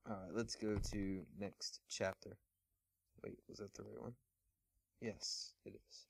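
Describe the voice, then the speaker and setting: A man's voice: fairly low pitch, level tone, takes it slowly, gravelly, slightly rough, no echo. A man casually reading fan fiction aloud at home, amused, chuckling and stumbling over words as he goes.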